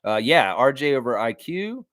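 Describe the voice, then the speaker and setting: A man's voice: medium pitch, moderate pace, dry recording, clean studio sound. A man hosting a live fan reaction stream, reading chat and answering in a blunt, repetitive way with casual swearing. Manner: blunt, animated, swears freely, repeats himself for emphasis. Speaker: sports stream host.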